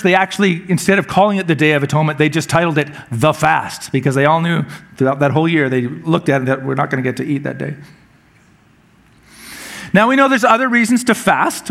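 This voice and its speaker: A man with a notably high voice preaches in an easygoing, conversational way. He mixes scripture with light humor and often stumbles over a word and repeats it as he restarts a phrase. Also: a bit bright. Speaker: pastor. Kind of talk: sermon.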